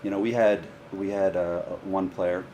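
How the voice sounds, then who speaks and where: A man, a high school golf coach, telling stories in a casual podcast chat and acting out the dialogue in them, with faint noise behind. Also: moderate pace. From Rhode Island, US. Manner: animated, acts out dialogue in stories.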